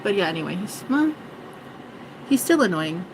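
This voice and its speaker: A woman's voice: mid-range voice, big pitch swings, normal speed, background noise. Rambling, self-mocking woman vlogger. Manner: joking, swearing, self-mocking. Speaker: spiritual vlogger. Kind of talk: rambling casual monologue.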